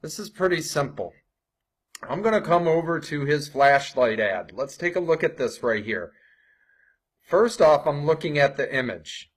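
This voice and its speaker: A man's voice: fairly high pitch, expressive, unhurried. A young adult man coaching viewers on ad copy in a casual, conversational way, often tacking on "right?" and restarting sentences. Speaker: online marketing coach. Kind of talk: casual screen-share tutorial.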